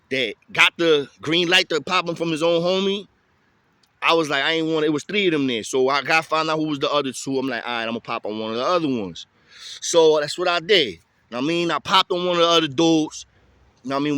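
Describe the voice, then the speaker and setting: A man telling a story in casual street slang, lively and chatty. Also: on the high side, no echo. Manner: street slang, animated, tosses in "you feel me".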